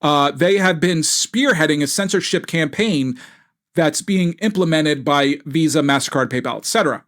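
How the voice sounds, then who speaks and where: A man's voice: on the high side, normal speed, fairly bright tone. A man giving an indignant, rambling gaming commentary full of fillers and restarts. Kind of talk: video commentary.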